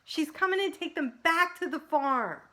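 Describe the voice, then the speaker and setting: Reading picture books to a group of children, this preschool teacher uses a high, sing-song voice at a moderate pace. She stays animated and stops between pages to chat with the little ones.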